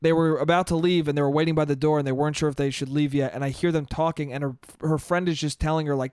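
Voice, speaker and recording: A man's voice: fairly high pitch, fairly even intonation, fast, few pauses, darkish tone, clear, resonant tone, dry recording, clean studio sound. A man around thirty rambling through a casual solo podcast, swearing often, mocking himself and laughing at his own stories. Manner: rambling, swearing, self-deprecating, laughs a lot. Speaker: podcast host.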